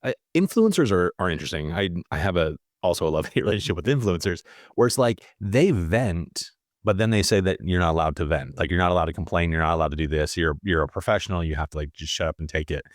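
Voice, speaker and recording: A man's voice: low-pitched, animated, fast, no echo, clean studio sound. A man hosting a casual podcast chat, thoughtfully asking his guests open questions. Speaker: podcast host.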